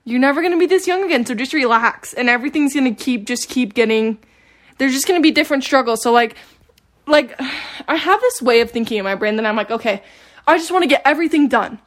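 A woman's voice: high-pitched, animated, fairly quick. A nineteen-year-old woman chatting casually into her phone at home, rambling and self-deprecating, full of fillers and restarts. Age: late teens. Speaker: vlogger. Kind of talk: casual confessional chat. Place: home with dogs.

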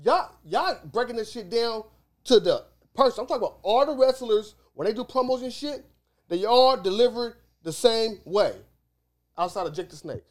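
A man with a high, lively voice co-hosts a casual podcast among friends. He argues his point insistently and swears a lot, swinging his pitch up and down as he presses on. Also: normal speed. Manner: insistent, argumentative, heavy swearing. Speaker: podcast co-host.

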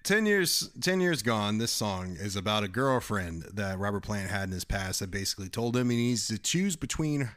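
A man's voice: fairly low pitch, big pitch swings, normal speed, few pauses, a bit bright. A man co-hosting a podcast in casual, enthusiastic, rambling chat. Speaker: podcast co-host.

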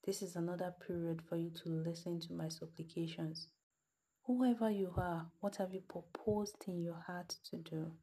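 A woman's voice: lowish voice, fairly even intonation, normal speed, dark tone, slight background noise. A woman telling a moral story, then earnestly questioning her listeners like a preacher. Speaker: podcast host. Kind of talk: storytelling and motivational address.

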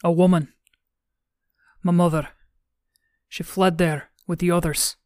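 A scared young man with no memory stumbles over his words, breaking off and restarting as he tries to answer, as a woman narrator puts him on. The voice sits low and smooth, with a dry, close sound. He stammers and halts fearfully through each reply in this storybook reading. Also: level tone, unhurried, mellow, no echo, lightly acted.

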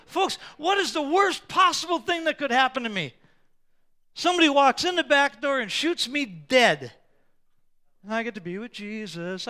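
High, bright-voiced preaching man. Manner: swings from quiet asides to loud, slow emphatic declarations. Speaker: pastor. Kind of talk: sermon.

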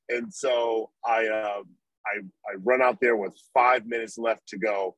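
A man's voice: on the low side, measured pace, dry recording, poor audio. A middle-aged man, a former pro football player, telling a long story in an interview and acting out what he was thinking back then. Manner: animated storyteller, acts out his own past thoughts.

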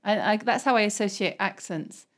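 A woman's voice: medium pitch, moderate pace. A middle-aged woman from England with an English accent, a teacher chatting as a podcast guest and mimicking other people's voices. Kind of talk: casual conversation.

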